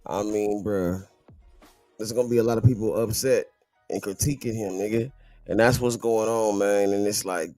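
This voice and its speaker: A man's voice: mid-range voice, darkish tone, dry recording. Stream host man, slangy and incredulous, dry close sound. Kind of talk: live-stream reaction commentary.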